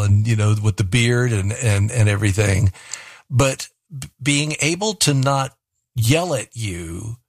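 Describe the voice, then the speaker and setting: A man's voice: medium pitch, no room sound, studio quality. A male host reflecting in a preaching manner and quoting scripture. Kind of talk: devotional radio talk. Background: music.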